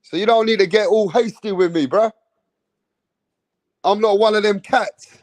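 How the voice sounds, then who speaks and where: A man's voice: sits high, normal speed, a little mellow. A man hosting a boxing channel, talking casually and chiding viewers in street slang. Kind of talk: casual livestream rant.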